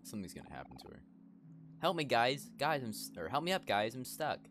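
A man's voice: medium pitch, wildly swooping pitch, fairly quick, fairly bright tone, faint music behind, pitched above the performer's own voice. A man voicing a bossy, pouting young girl in a video game, whining and demanding help. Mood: whiny. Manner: whiny, demanding. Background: game soundtrack.

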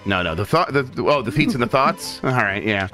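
A man co-hosting a game playthrough, joking in a deadpan way and laughing often. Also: medium pitch, fairly quick. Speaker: co-host of a game stream. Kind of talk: casual playthrough banter. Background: video game music.

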